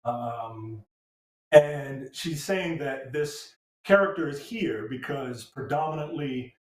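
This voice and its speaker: A man's voice: medium pitch, expressive, slow pace. A man hosting a panel, summarizing an article and then handing the turns to his panelists. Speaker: host. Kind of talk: reading news and moderating. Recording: distant echoey mic.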